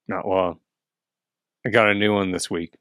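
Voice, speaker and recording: A man co-hosting a podcast in relaxed, casual chat, often laughing. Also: lowish voice, normal speed, dry recording, studio quality. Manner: laid-back, laughs easily. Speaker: podcast co-host.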